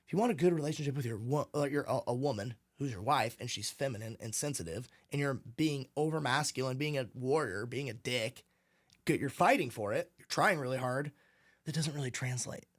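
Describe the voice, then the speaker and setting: A man's voice: mid-range voice, animated, a little fast. A young man, a podcast guest, telling stories casually, swearing and acting out quoted voices. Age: young adult. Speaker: podcast guest, real estate team leader. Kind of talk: casual conversational storytelling.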